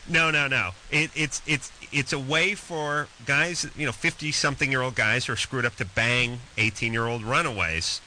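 A man's voice: mid-range voice, moderate pace, few pauses, sharp tone, low-quality recording. A man hosting talk radio, rambling in a blunt, crude way. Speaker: radio host. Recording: light hiss.

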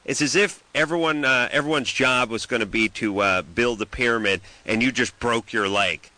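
A man's voice: mid-range voice, normal speed, sharp tone, dry recording, rough recording. A man hosting a late-night call-in radio show, ranting and joking sarcastically.

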